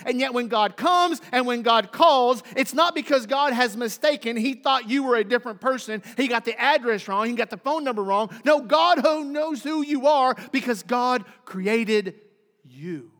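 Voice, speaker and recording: A man preaching a sermon as a pastor, telling a story dramatically and swinging between loud emphasis and hushed, intimate passages. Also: extremely high pitch, normal speed, big-room sound.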